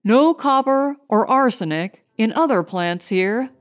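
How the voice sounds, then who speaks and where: A woman's voice: fairly high pitch, animated, a little slow, soft background music. A woman narrator voicing a grim, tense male starship scientist in a clipped way.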